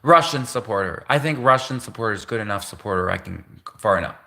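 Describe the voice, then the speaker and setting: A man's voice: lowish voice, expressive, fast, gravelly, sharp tone. A man from Canada on a livestream, rambling through a monologue with restarts, self-corrections and half-jokes.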